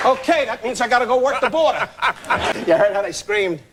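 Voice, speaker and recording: A man's voice: extremely high pitch, poor audio. An older man doing insult comedy as a talk show guest, brash and full of mock outrage. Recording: loud studio audience laughing.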